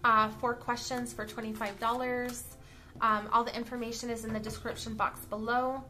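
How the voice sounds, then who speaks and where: A woman's voice: fairly high pitch, level tone, normal speed, bright, forceful tone, faint music behind. A woman giving a casual tarot card reading, chatty and blunt, who keeps checking in with "okay?" and "all right?". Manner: blunt, with the odd swear word. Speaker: tarot reader.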